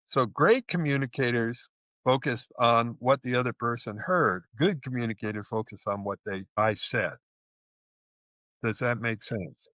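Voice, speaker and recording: A man in a podcast interview who talks like a relationship coach, patient and earnest. He acts out what people say to each other as he explains. His voice sits at an ordinary middle pitch, and the sound is dry and close. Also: measured pace, pushed and bright, dry recording. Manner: earnest and explanatory, acting out quoted dialogue.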